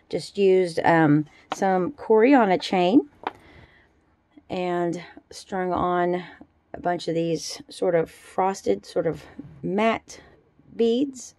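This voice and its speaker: Soft-toned woman chatting about crafts. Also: on the low side, slow pace, long pauses, no echo. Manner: chatty, relaxed, fond little asides. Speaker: jewelry-making vlogger. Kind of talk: casual show-and-tell.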